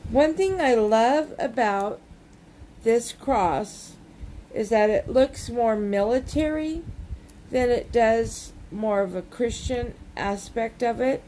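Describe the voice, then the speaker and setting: Slow, mellow-voiced woman chatting while crafting. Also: fairly high pitch, expressive, slight background noise, rough recording. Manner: folksy, rambling joke-teller. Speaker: crafting vlogger. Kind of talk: casual chat while crafting.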